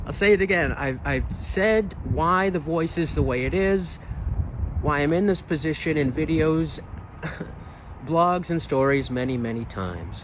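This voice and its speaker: A man's voice: a little high, slight background noise, rough recording. A man with a weathered voice, a singer talking frankly in a casual vlog, emphatic and frustrated, with rhetorical questions. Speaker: singer and video creator.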